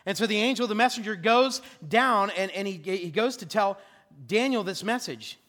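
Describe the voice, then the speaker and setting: High, bright-voiced male pastor preaching. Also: moderate pace, long reverb tail. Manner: lively storytelling preacher, jokey asides. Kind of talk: sermon. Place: church sanctuary.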